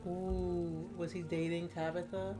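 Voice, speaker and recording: A woman's voice: fairly low pitch, unhurried, music in the background. A woman streamer playing a horror game, narrating its text and reacting chattily between lines. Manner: chatty, animated reactions, frequent laughter. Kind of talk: game playthrough commentary and narration.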